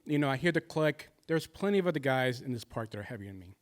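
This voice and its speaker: A man's voice: mid-range voice, expressive, fast. A man in his thirties telling a personal stand-up story, confessional and shifting between jokes and somber moments. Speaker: stand-up comedian.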